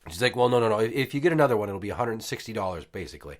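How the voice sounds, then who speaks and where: He's a man in his thirties and a podcast host, talking very fast in a lowish voice. The casual story comes loaded with swearing, animated energy, and impressions of the people involved.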